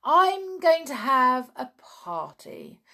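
A cheeky, boastful little girl doll full of mischief, as a woman reading a storybook puts her on. The voice climbs high and loud, swooping widely, with a gravelly edge at its base. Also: very animated, takes it slowly, heavily acted. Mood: sweetly scheming.

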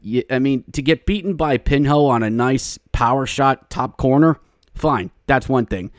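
A male podcast host recapping a hockey game, slipping into excited play-by-play calls and shouting at the goals. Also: mid-range voice, normal speed, no room sound, clean studio sound.

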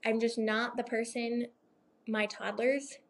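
A woman's voice: a little high, level tone, slow. A woman in her thirties chatting casually about motherhood, rambling with lots of fillers and tag questions. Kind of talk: casual chat.

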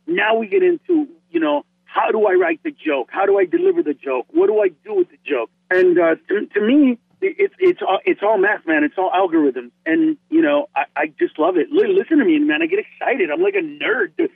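A man from Honduras talks with lively, excitable energy, tripping over his first words as he builds up steam. His voice sits very high and gravelly. The sound is dry and squeezed down like a phone call. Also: a little fast, few pauses, no room sound. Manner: animated, excitable, repeats words when starting. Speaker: comedian guest. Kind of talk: podcast interview chat.

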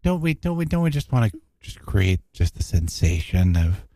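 A man's voice: fairly low pitch, big pitch swings, moderate pace, dark tone, no echo, clean studio sound. A young man co-hosting a casual podcast, teasing, laughing and egging on the reader. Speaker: podcast co-host.

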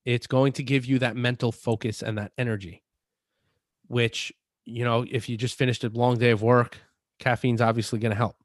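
A man's voice: medium pitch, little pitch movement, normal speed, dry recording, clean studio sound. A man co-hosting a fitness podcast, explaining supplement advice in a casual chat and often restarting his sentences.

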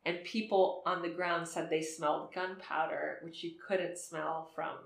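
A woman co-hosts a casual true-crime podcast with wry, deadpan asides. Her voice sits a little low, and an echoey room rings around her words. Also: measured pace, gravelly. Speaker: podcast co-host.

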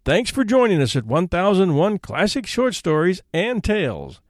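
Animated male storyteller, dry recording. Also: sits high, moderate pace, no room sound. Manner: animated, expressive reading. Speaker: podcast host and storyteller. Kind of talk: scripted story narration.

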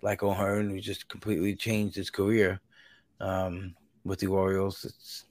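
A man's voice: low voice, completely flat delivery, normal speed, no room sound, clean studio sound. A man hosting a podcast in casual chat, rambling and restarting his sentences with laughs in between. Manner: rambling, self-interrupting, laughs between thoughts. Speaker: podcast host.

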